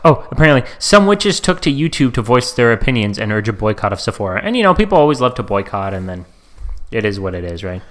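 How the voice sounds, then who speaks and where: A young man co-hosting a casual podcast, mocking the posts he reads aloud. His pitch swings widely, jumping high for punchlines and dropping low for asides. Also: big pitch swings, fast, a bit bright. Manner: sarcastic, reads tweets aloud in mocking tones. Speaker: podcast co-host.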